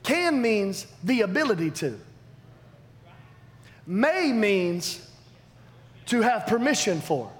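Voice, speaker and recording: A man preaching a sermon, animated and emphatic, swinging between loud declarations and hushed asides. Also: high-pitched, takes it slowly, pauses often. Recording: long hall reverb, faint background noise.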